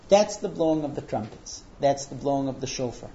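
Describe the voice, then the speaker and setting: A man teaching a religious lesson, telling stories in an animated way with fillers. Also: medium pitch, fairly quick, hardly any pauses, muffled recording. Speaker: Torah teacher.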